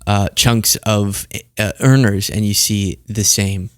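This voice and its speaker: A man's voice: lowish voice, fairly even intonation, takes it slowly, smooth. A young man hosting a political commentary show, talking in a sarcastic, conversational way. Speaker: host.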